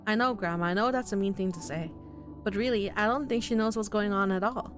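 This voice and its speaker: A woman's voice: mid-range voice, fairly quick, faint music behind, close to an everyday voice. A woman voicing an earnest, worried young man in a visual novel. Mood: upset. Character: earnest, anxious young man in his twenties.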